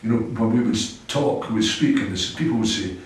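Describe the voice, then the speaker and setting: A man's voice: on the low side, a little fast, slight background noise. A man from Scotland with a Scottish accent, a rock musician chatting in an interview and telling rambling anecdotes with frequent chuckles. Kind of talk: casual interview chat. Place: old cinema venue. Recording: echoey room from a distant mic.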